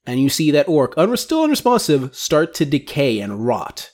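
A man narrating as game master in a tabletop game, describing scenes briskly with small stumbles. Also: on the high side, wildly swooping pitch, darkish tone.

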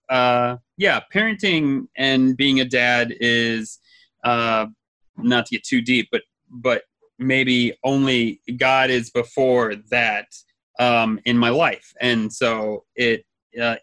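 A chatty man in his thirties co-hosts a casual podcast, quick to laugh and prone to trailing off. His voice is bright and forward, recorded dry and close. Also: medium pitch, dry recording. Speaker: podcast co-host.

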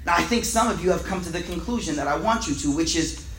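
A man teaching a weekly religious class. He reads classical Arabic lines quickly, then explains them in relaxed, slangy everyday English. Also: on the high side, slight background noise. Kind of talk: casual religious lesson reading a classical text. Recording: echoey room.

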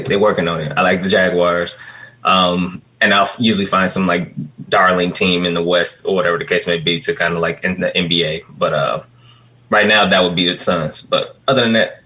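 A man from Wisconsin co-hosting a sports podcast, joking and lively. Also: low-pitched, poor audio. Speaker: podcast co-host. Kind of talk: casual sports podcast chat.

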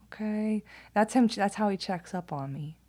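A woman's voice: medium pitch, lively intonation, normal speed, mellow. A woman talking in a casual monologue, candid and blunt, swearing freely, laughing often and now and then dropping to a near whisper.

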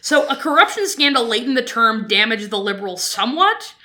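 A woman's voice: a little high, big pitch swings, a little fast, bright, forceful tone, slight background noise. A young woman co-hosting a podcast, explaining political history in a casual, joking way. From Canada. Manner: laughs often, explains with jokes. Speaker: podcast co-host.

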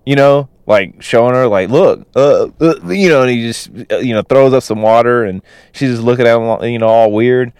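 A man's voice: medium pitch, moderate pace, hardly any pauses, darkish tone, clear, resonant tone, dry recording. A man casually recapping a movie plot, rambling with lots of "you know" and "like" fillers. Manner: laughs while retelling.

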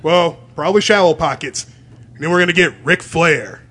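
A man co-hosting a casual comedy chat, pitching a mock-serious idea playfully. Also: moderate pace, bright, forceful tone.

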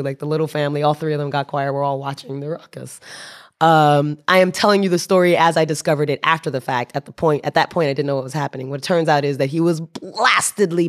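A woman telling a story as a podcast guest, animated, laughing and restarting her sentences. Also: deep voice. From United States. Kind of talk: casual storytelling.

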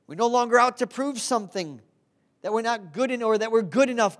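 A woman's voice: a little high, brisk. Earnest woman preaching a sermon. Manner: earnest, asks the congregation to respond.

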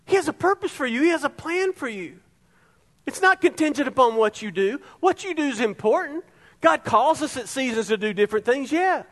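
A man's voice: very high-pitched, expressive, brisk, fairly bright tone. A middle-aged man preaching a sermon as pastor, emphatic and repeating his key phrases to the congregation. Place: church sanctuary. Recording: long reverb of a hall.

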